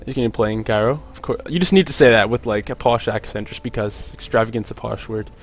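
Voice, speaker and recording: A young man casting a video game match on his own, chatty and jokey, with many filler words and quick asides. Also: fairly low pitch. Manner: rambling, jokey, lots of "like" fillers. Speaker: esports caster. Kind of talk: solo play-by-play commentary.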